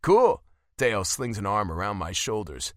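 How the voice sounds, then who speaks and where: Brief male narrator, bright and animated, wry first-person read, dry booth. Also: mid-range voice, moderate pace, no echo. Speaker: audiobook narrator.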